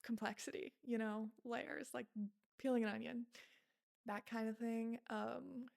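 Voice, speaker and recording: A woman's voice: on the high side, flat delivery, a little slow, gravelly, darkish tone. A woman in her twenties talking to camera in a casual, self-reflective vlog, with lots of fillers. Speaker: content creator.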